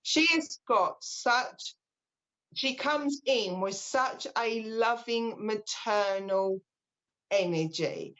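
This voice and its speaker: A British woman working as a medium, giving a live reading in a gentle, reassuring way that often restarts mid-sentence. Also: on the high side, extremely slow. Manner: gentle and reassuring, relays messages with frequent restarts. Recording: slightly dull lo-fi sound.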